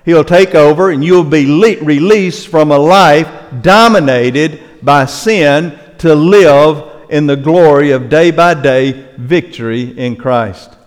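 An older male pastor preaching a sermon earnestly, slowing down for emphasis and dropping softly into prayer. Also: on the high side. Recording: long hall reverb.

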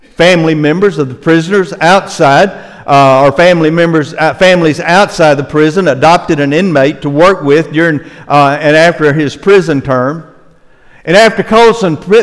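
An older male pastor preaching a sermon earnestly, slowing down for emphasis and dropping softly into prayer. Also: a little high. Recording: long hall reverb.

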